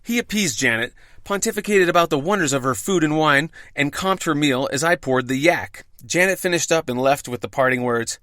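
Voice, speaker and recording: A man, a bartender who hosts a podcast, telling a story with wry, heavily profane narration and dramatic pauses. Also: a little high, bright, forceful tone, no echo, clean studio sound.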